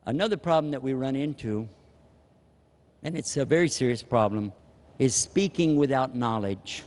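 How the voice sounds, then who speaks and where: A man preaching a sermon in an animated, humorous way, acting out little scenes of dialogue. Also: medium pitch, moderate pace. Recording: echoey hall reverb.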